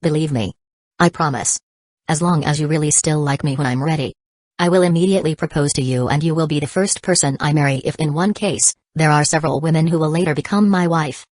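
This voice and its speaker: A woman reading the part of a calm, level-headed young man in an audiobook, in her own low voice with no character voice. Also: fairly quick, no echo. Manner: calm, even delivery.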